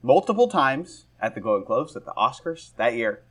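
A man's voice: medium pitch, big pitch swings, normal speed, fairly bright tone. A young man co-hosting a podcast, eagerly telling a gossipy story in casual chat. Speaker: podcast co-host.

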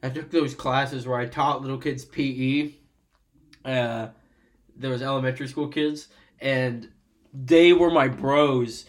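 Young man telling stories on a laptop mic. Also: fairly high pitch. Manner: rambling storytelling, swears freely, laughs often. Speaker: podcast co-host. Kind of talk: casual chat. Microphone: computer microphone.

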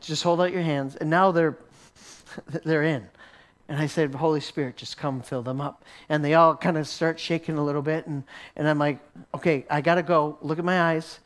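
A man teaching a sermon as a story, often repeating words as he restarts and chuckling along. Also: on the high side. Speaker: Christian teacher.

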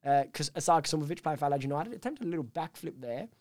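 Lively, laughing young man. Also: on the high side, racing, no echo, clean studio sound. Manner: laughs often, animated and teasing. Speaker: podcast co-host. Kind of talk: casual chat.

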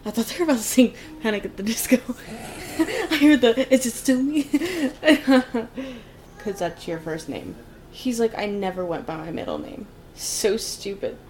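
A woman's voice: mid-range voice, darkish tone, a little hiss or hum. A young woman co-hosting a podcast, reacting to a movie in a brash, profane, mocking way. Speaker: podcast co-host. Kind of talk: casual movie-reaction chat.

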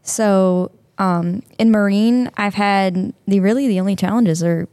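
A woman's voice: mid-range voice, measured pace, no room sound. A young woman, a marine sheriff's deputy, telling stories in a casual interview and laughing often. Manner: laughs often, animated anecdotes.

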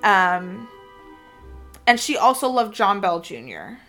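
A woman hosting a podcast, telling a story in a relaxed, chatty way with lots of fillers. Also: medium pitch, takes it slowly, gravelly, soft background music. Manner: relaxed, many fillers, laughs often. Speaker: podcast host. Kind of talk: casual storytelling chat.

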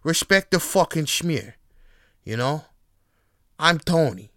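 Brash Italian-American deli guy, gruff and swaggering, as a man puts him on. Smooth tone, dry sound. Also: a little high, animated, slow, bright, forceful tone, dry recording, exaggerated voice.

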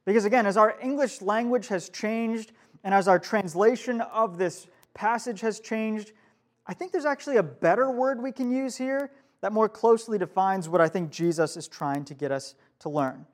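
A young youth pastor preaches a casual sermon to a youth group in a live room, asking his listeners questions along the way. His voice sits high, and he speaks at a moderate pace.

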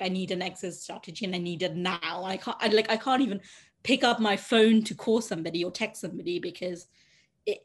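A young woman telling a dating story in casual podcast chat, animated and quick to laugh. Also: medium pitch, husky. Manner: animated, laughing, acts out dialogue.

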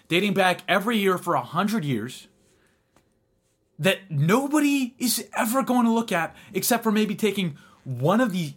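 A man's voice: high-pitched, fairly bright tone, breathy edge. A young man hosting a casual podcast chat, rambling with restarts, laughing often and swearing casually. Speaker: podcast host.

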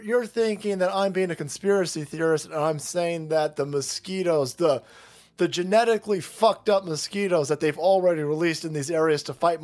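A man with a sarcastic, mocking, profane delivery, hosting a ranting commentary show. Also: fairly high pitch. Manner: sarcastic, mocking, puts on voices of opponents. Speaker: political commentary host.

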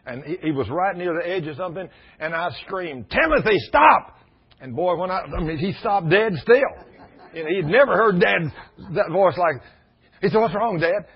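A middle-aged man preaching a sermon in a folksy storytelling way, now and then rising to loud emphasis. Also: sits high, normal speed, slightly rough. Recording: muffled lo-fi sound.

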